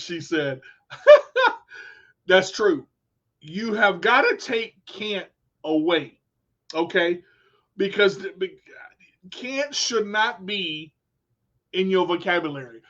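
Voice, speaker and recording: A man's voice: high-pitched, sing-song, slow pace, pauses often, a bit bright, muffled recording. A man hosting a motivational live show, preaching to viewers and calling them y'all, often repeating his words. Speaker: show host. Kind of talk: motivational live-stream talk.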